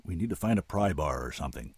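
A man reading a weary, terse father, deep. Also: expressive, fast talker, darkish tone, breathy edge, no echo, clean studio sound, exaggerated voice. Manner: terse, clipped commands.

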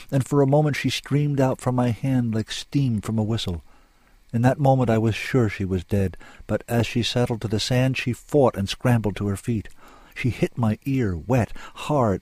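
A man with a low, grounded voice narrates a dramatic story. His reading is intense and lyrical, with a sombre weight behind it. The recording is dry and close. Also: warm tone, no echo.

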